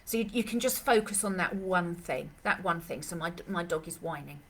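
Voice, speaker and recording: A woman's voice: fairly low pitch, expressive, normal speed, a bit bright. A woman dog trainer answering questions in a live Q&A, chatty and rambling, with lots of fillers and restarts, speaking. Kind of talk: live Q&A session.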